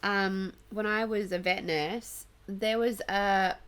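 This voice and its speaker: A young woman co-hosting a casual podcast, a chatty storyteller with a soft, affectionate way of talking. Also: medium pitch, steady tone, slow pace, clear, resonant tone. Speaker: podcast co-host. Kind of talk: casual chat.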